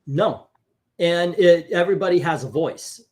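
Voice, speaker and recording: A chatty man hosting a comic book review show, animated and quick to laugh. His voice sits a little higher than most men's. He talks things over casually with a co-host.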